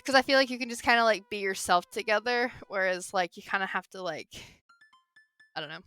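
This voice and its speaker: A woman's voice: medium pitch, a little fast, bright, forceful tone, smooth, no echo, faint music behind. A young woman casually commentating a game stream, chatty and giggly, reading dialogue aloud. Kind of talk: casual let's-play commentary.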